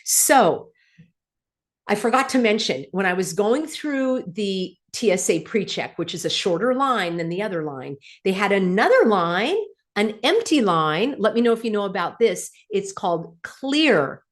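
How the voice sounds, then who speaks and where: A middle-aged woman speaks straight to her viewers, riled up and sarcastic. Her pitch sits in an ordinary middle range, but it keeps leaping up for outraged questions and dropping low for dry asides. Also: expressive, unhurried. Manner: indignant, sarcastic, wide swings between loud outbursts and low asides. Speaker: channel host. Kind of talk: animated opinion vlog.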